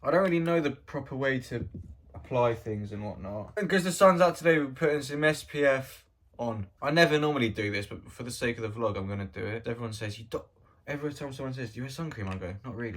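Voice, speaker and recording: A man's voice: medium pitch, fast talker. A man talking casually in a vlog, rambling and joking, often trailing off into mumbled asides. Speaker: vlogger.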